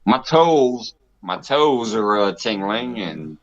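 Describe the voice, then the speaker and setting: A man's voice: on the low side, sing-song, takes it slowly. A man hosting a casual live stream, joking, laughing and swearing with his viewers. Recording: dull lo-fi sound.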